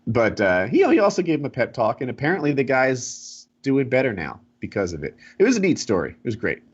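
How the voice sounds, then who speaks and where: A man hosting a podcast, telling a story in a casual, rambling and animated way over a home mic. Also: medium pitch, brisk, breathy edge. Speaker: podcast host. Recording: dull lo-fi mic.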